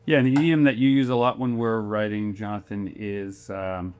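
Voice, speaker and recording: A podcast host moderates a live convention panel before an audience, speaking into a panel microphone in a musing, story-driven way full of rhetorical questions. His voice is lowish, darkish, clear, and resonant, with a level tone and moderate pace.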